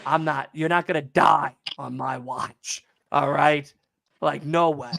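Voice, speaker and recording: A man's voice: a little high, steady tone, slow, gravelly, fairly bright tone. A man on a podcast telling a long work story in a casual, profane and exasperated rant. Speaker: podcast co-host.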